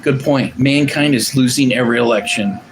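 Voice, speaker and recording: A man's voice: mid-range voice, moderate pace, slight background noise, rough recording. A man hosting a livestream, giving casual political commentary in a rambling, emphatic, profane way and answering viewer comments. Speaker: livestream host.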